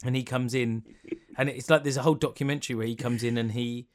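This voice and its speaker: A man's voice: medium pitch, fairly even intonation, quick pace. A man co-hosting a casual comedy chat, telling a story and building on the others' jokes. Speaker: podcast co-host.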